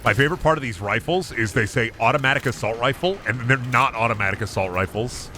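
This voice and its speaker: A man's voice: mid-range voice, fast, bright, forceful tone, a little hiss or hum. A man streaming a video game, chatting and swearing casually, often with an upward inflection. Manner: chatty, rambling, swears freely. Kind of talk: casual gameplay commentary.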